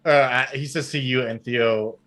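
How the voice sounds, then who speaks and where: A man's voice: mid-range voice, fairly even intonation, measured pace, a bit bright. A man narrating a tabletop game as game master in a casual, rambling way full of fillers.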